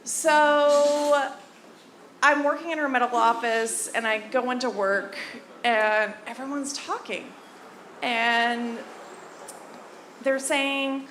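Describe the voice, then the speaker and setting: Bright-voiced woman doing stand-up. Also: high-pitched, fairly even intonation, slow, long pauses. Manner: chatty, conversational storytelling with crowd work. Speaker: stand-up comic. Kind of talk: stand-up comedy set. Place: comedy club in Hawaii. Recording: echoey club room with faint noise.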